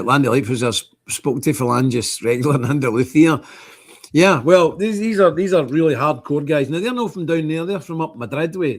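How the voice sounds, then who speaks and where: A man's voice: mid-range voice, creaky, husky. A man in his sixties with a Northern Irish accent, hosting a livestream in a rambling monologue that keeps repeating phrases. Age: 60s. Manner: rambling and repetitive, restating phrases. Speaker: livestream host.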